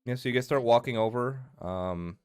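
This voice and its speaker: A man narrating as game master for a tabletop game, pausing often with "uh" and "um". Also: medium pitch, a little mellow, smooth, no echo, studio quality, faint music behind. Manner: halting, many "uh" and "um".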